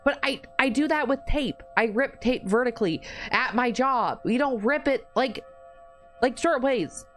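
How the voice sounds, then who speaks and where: A woman's voice: fairly high pitch, unhurried, faint music behind. A woman streamer chatting casually during a live game stream, swearing freely as she banters with her chat.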